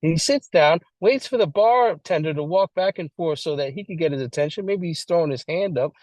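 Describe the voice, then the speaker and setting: A man co-leading a recovery book study, talking in a slangy, animated way and acting out little scenes as he explains. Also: fairly high pitch, a little fast, dry recording, low-quality recording. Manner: animated, slangy, acts out scenarios. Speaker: study group co-leader. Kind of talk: casual recovery-meeting share.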